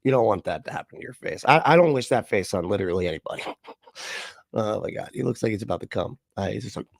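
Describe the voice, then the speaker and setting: A man's voice: on the low side, animated, quick pace, vocal fry, no echo. Man, livestream host, rambling mocking commentary, frequent laughs, dry close sound.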